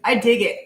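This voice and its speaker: A woman's voice: very high voice, fairly bright tone. A woman giving a casual live tarot reading, chatty and goofy, laughing often. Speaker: tarot reader. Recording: echoey room with faint hum.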